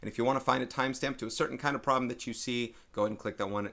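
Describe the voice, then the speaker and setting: A man's voice: mid-range voice, steady tone, very fast, gravelly, hardly any pauses, fairly bright tone. A man, a math teacher, explaining a lesson step by step to his students.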